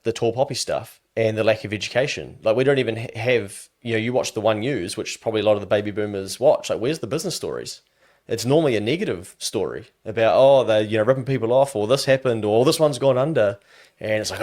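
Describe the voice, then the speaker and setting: A man's voice: fairly low pitch, brisk. A man with a New Zealand accent, talking casually as a guest on a podcast and acting out other people's voices in his stories. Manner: animated storyteller who acts out quoted voices. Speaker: business adviser guest.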